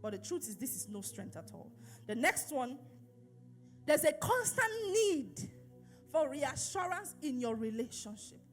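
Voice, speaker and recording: A woman's voice: high-pitched, sing-song, measured pace, faint music behind. A woman pastor preaching an emphatic sermon, repeating phrases and asking her listeners questions.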